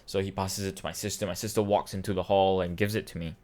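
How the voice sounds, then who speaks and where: A man's voice: low-pitched, little pitch movement, fast, darkish tone. A man in his twenties, a vlogger, telling a personal story in a rambling, emotional way with many restarts, choked up and near tears. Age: 20s. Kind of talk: casual storytelling.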